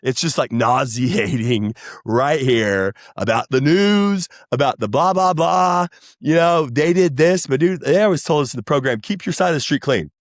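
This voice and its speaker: A man, chatting casually as a podcast guest, rambling and animated. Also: medium pitch, a little slow, no echo, clean studio sound. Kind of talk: casual chat.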